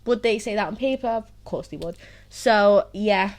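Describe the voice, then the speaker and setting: At a moderate pace and medium pitch, a young series host shares her personal story frankly, laughing through painful moments and saying "like" and "so, yeah" constantly.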